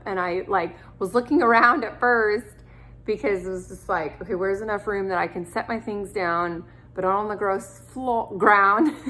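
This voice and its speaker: A woman in her thirties tells a personal story straight to camera. She chats loosely, with plenty of fillers and restarts, in a voice of everyday middle pitch. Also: fairly bright tone. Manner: chatty, rambling with many fillers. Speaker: vlogger, adoptive mother.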